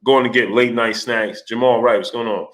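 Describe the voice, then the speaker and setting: Bright-voiced man hosting a casual livestream. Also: mid-range voice, steady tone, normal speed. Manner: greets chat viewers by name, rising to exasperated outbursts. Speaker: livestream host.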